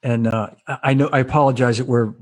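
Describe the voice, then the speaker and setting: A man's voice: medium pitch, fairly even intonation, fast, a little mellow. A man hosting a casual interview over a video call, telling rambling stories with many restarts. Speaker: host.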